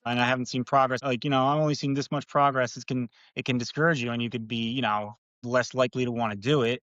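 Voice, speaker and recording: Guest spot: young male trainer, quick rambling upbeat talk, dry slightly dull audio. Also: medium pitch, fairly even intonation, fairly bright tone, no room sound. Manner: rambling, upbeat, many fillers like "you know". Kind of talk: casual podcast conversation.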